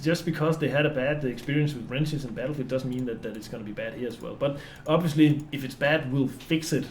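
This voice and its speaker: A man's voice: medium pitch, brisk, slight background noise. Hesitant middle-aged man, developer chat. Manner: hesitant, many restarts and fillers. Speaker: game director. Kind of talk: casual dev stream chat.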